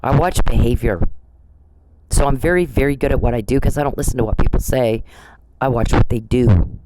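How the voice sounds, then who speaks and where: A man's voice: mid-range voice, fairly quick, background noise. A man hosting a podcast, delivering a rambling, profane, accusatory monologue with frequent restarts. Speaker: podcast host. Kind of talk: ranting monologue.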